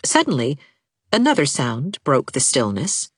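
A woman narrating a novel as an audiobook, in measured, expressive storytelling. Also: low voice, no echo, clean studio sound. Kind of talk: scripted narration.

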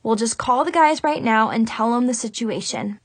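A woman's voice: a little high, animated, moderate pace, dry recording. A woman voicing a bubbly, squealing teenage girl best friend in an audiobook. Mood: caring.

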